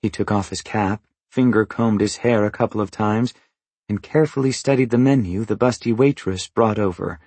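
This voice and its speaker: A man narrating a first-person novel in an even, understated, matter-of-fact way. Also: lowish voice, moderate pace, husky, dry recording. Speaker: audiobook narrator.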